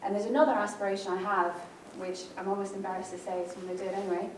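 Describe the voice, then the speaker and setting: A woman's voice: medium pitch, steady tone, racing. A woman emotionally and earnestly sharing a personal story with a group, overwhelmed. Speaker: participant sharing. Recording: echoey room, far from mic, crowd and noise.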